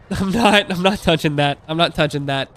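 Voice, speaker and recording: A man's voice: fairly high pitch, moderate pace, fairly bright tone, faint music behind. A man in his thirties chatting casually on a live stream, rambling through asides and laughing often.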